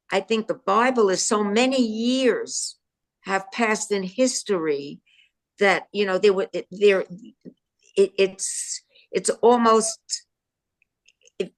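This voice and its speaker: Woman, class participant, slow pace, hesitant, many restarts, searching for words. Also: mid-range voice. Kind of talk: asking a question in class.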